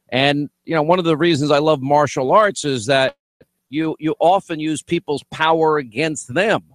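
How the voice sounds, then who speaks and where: A man hosting political talk radio, brash and animated, often restarting his sentences as he banters. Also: a little high, no room sound.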